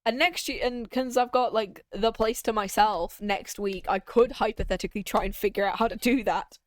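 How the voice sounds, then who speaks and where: A woman's voice: mid-range voice, steady tone, normal speed, no echo. A young woman streamer chatting casually while she plays a game, rambling, giggling and easily sidetracked. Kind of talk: casual let's-play chat.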